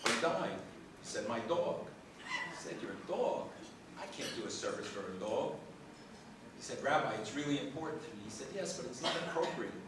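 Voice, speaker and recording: A man tells a joke to a crowd, switching between the voices of its characters. He sits at a middle pitch and sounds far off in a booming, echoey hall, with steady noise underneath. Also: moderate pace. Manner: lively storyteller voicing both sides of a joke. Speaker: speaker at a tribute event. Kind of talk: telling a joke to an audience. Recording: echoey hall, distant mic, background noise.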